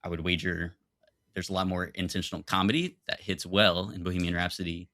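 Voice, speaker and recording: A man's voice: low voice, fairly even intonation, brisk, sharp tone, dry recording. A young man arguing insistently in a casual comedic film debate. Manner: argumentative, insistent, laughs easily.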